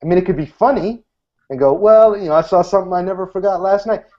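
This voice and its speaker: Animated man in his thirties, dull recording. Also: high voice, fast. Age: 30s. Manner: animated, acts out quoted lines in a lifted voice. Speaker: magician guest. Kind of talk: casual interview answers.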